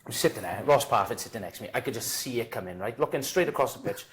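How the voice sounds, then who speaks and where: A man in his thirties with a South Welsh accent, a podcast guest telling a sweary, animated football story in casual chat. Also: medium pitch, fast talker. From Wales. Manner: swearing, animated anecdote teller acting out dialogue.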